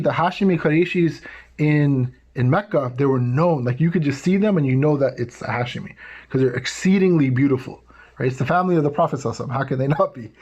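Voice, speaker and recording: A man with a somewhat husky, slightly high voice tells stories to a young audience. He talks casually and lively, keeps asking "right?", and briefly acts out the people in his tales. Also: muffled recording. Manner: casual, animated, tags lines with "right?". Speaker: youth speaker. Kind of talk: storytelling talk to tweens.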